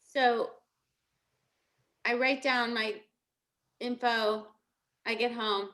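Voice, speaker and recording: A woman's voice: on the high side, fairly even intonation, drawn-out words, bright, forceful tone. A middle-aged woman, giving a casual motivational talk as a coach and telling stories with lots of laughter. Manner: chatty, laughing storytelling.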